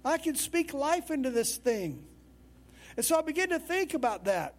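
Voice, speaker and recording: A man's voice: very high voice, sing-song, moderate pace. A male pastor preaching a sermon in a conversational, storytelling way.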